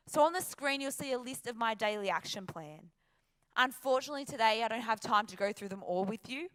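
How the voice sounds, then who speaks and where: A woman's voice: on the high side, a bit bright. An Australian woman giving an emphatic, upbeat motivational talk from a stage before an audience. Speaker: motivational speaker.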